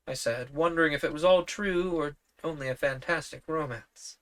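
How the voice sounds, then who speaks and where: A man reading an old novel aloud on a stream, narrating in an unhurried, measured storytelling manner. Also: a little high, fairly bright tone.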